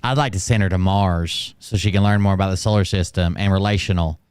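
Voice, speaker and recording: A man's voice: low voice, fairly quick, noisy background. A man hosting reaction commentary, talking in a sarcastic, mocking way. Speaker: commentary host.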